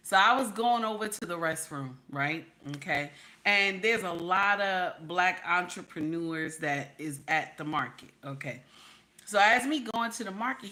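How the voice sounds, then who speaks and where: A woman's voice: fairly low pitch, pushed and bright. A woman hosting a casual livestream, chatting with her viewers, greeting them by name and calling them baby and honey. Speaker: livestream host reading viewer chat.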